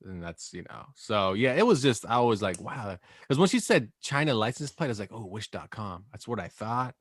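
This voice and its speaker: A man's voice: fairly low pitch, animated, moderate pace, no room sound, studio quality. A man co-hosting a podcast, telling a story in loose, rambling casual chat. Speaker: podcast co-host.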